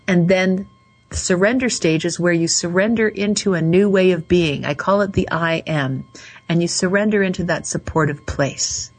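A woman hosting a call-in radio show, slowly and soothingly guiding listeners through affirmations. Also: on the low side, breathy edge, rough recording. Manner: slow, soothing, guides affirmations. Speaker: radio show host and coach.

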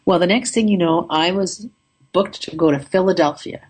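Low, husky-voiced woman telling a story. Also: normal speed. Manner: upbeat, chatty, relaxed. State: slightly rough throat. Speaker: vlogger telling a travel story. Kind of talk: casual storytelling monologue.

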